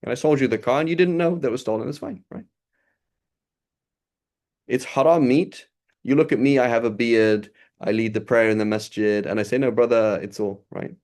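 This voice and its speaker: Speaking at a moderate pace, this man has a medium-pitched voice with a darkish tone. He's a religious teacher leading a casual, conversational lesson, asking his audience rhetorical questions along the way.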